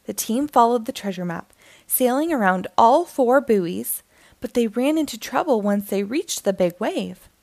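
A woman reading a children's picture book aloud as a storytime host, in an animated, expressive way. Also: on the high side, moderate pace.

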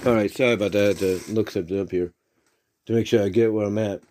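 A man with a lowish, slightly mellow voice talks fast in fairly even tones, giving a casual, loosely worded recap of a story. He rambles with plenty of fillers and restarts, stops often to search for words, and keeps repeating stock phrases like "if you will."

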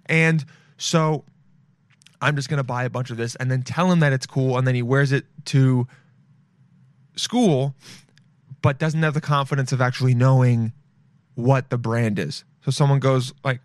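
A man's voice: mid-range voice, steady tone, moderate pace, long pauses, no echo, studio quality. A young man from Los Angeles hosting a podcast, with a sniffly nose, rambling casually and swearing freely. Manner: rambling, swears freely, calls listeners "dude". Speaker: podcast host. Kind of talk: casual solo chat.

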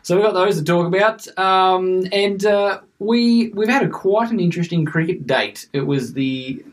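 A man hosting a casual cricket podcast, chatting in a relaxed way with frequent fillers. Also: sits high, moderate pace, recorded from a distance. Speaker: podcast host. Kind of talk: casual chat.

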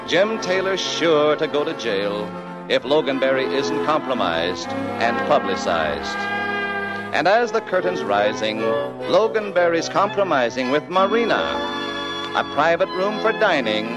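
Man narrating in lively rhymed patter. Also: a little high, unhurried, loud music behind the voice. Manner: sing-song, rhyming patter. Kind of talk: rhyming musical narration.

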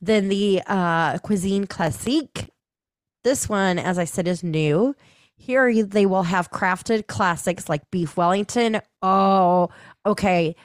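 A chatty woman co-hosting a podcast, talking at an unhurried pace. Her voice is close and dry, with no room sound, and she laughs easily as she runs through the news. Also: mid-range voice, no room sound. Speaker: podcast co-host. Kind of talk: casual chat.

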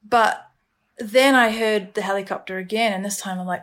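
A woman telling her own survival story in a halting, emotional way, with many restarts. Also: mid-range voice, a bit bright. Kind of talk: personal survival story, told casually.

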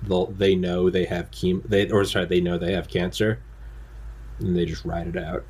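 Podcast host: a man with a low, husky voice who rambles through anecdotes in casual chat. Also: flat delivery, moderate pace, darkish tone. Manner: rambling, acts out quotes in anecdotes. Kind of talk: casual conversation.

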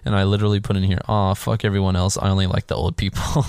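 A man in casual podcast chat, retelling a film scene by scene and acting out the characters in higher voices. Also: fast, vocal fry, clear, resonant tone, no room sound, clean studio sound. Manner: animated, acts out characters' lines in higher voices.

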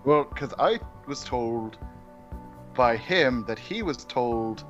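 A man's voice: medium pitch, animated, slow, fairly bright tone, faint music behind. Joking male player, dull lo-fi sound. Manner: joking, offhand. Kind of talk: casual role-play chat. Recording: dull lo-fi recording.

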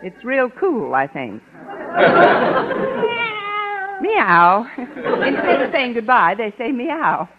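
An actress playing a quick-witted, flustered English teacher in a 1950s radio sitcom. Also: female voice, fairly high pitch, very animated, a loud crowd, very noisy. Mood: playful. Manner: wisecracking, flustered, giggly. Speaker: schoolteacher. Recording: muffled old radio broadcast with audience.

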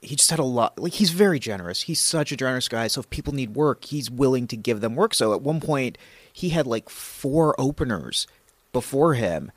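Brief: male guest, rambling anecdotal talker, animated pitch, dry close sound. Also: moderate pace, no room sound. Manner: rambling, filler-heavy storytelling. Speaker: guest comedy writer. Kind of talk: casual interview chat.

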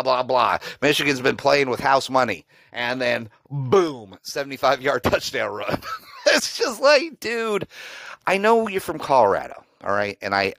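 A man's voice: medium pitch, a bit bright, no echo, poor audio. A man hosting a solo sports podcast, ranting sarcastically and profanely about a rival team's staff. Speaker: podcast host. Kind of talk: solo sports reaction rant.

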